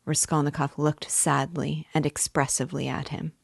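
A woman reading a classic novel aloud as a literature teacher, measured and careful. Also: sits low, flat delivery, vocal fry, breathy edge, no room sound, studio quality.

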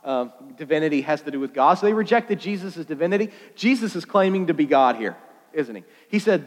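A man preaching a sermon in a casual, jokey, animated way, often laughing at his own asides. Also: a little high, a little fast. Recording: long hall reverb.

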